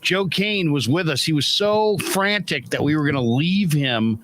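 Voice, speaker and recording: A man hosting a casual post-game chat show, an animated storyteller who also reads viewer comments aloud. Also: on the high side, a little slow, slight background noise. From Northern California. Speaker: show host.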